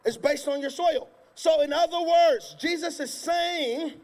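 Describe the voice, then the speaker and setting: High-voiced preacher in a reverberant hall. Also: male voice, unhurried, hardly any pauses. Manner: repetitive, emphatic preaching with sudden shouts. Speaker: pastor. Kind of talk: sermon. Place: church stage before a congregation. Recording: long reverb of a large hall.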